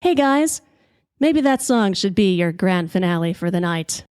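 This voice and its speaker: A woman voicing a male karaoke DJ who briskly calms the room. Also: lowish voice, clear, resonant tone, dry recording, clean studio sound. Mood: placating. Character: karaoke DJ man, peacekeeping.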